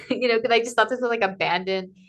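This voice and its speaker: A woman in casual conversation, telling a personal travel story in a lively way, acting out what people said to her and filling her talk with "like". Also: fairly high pitch, brisk. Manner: animated, acts out quoted dialogue, many "like" fillers. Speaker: podcast guest, Camino pilgrim.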